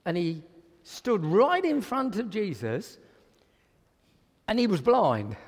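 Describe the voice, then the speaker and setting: A man's voice: sits high, slow. A man preaching a sermon in a church hall, telling Bible stories with animation and acting out the voices of the people in them. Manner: animated storytelling, acts out quoted speech. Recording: long hall reverb.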